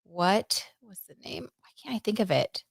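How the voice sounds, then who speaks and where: Gravelly, husky and expressive, this young woman's medium-pitched voice moves at a moderate pace as she hosts a tarot livestream. She chats casually, reads out viewer comments and gushes about what the cards show, full of "like"s and "oh my God"s. The recording is dry and studio quality.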